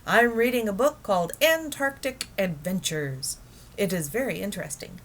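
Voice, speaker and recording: A woman's voice: mid-range voice, animated, normal speed, slight background noise, voice pushed up, natural voice. A woman reading a children's book aloud, voicing an eager, dreamy middle-aged man who is enthusiastic about penguins. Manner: enthusiastic, wondering.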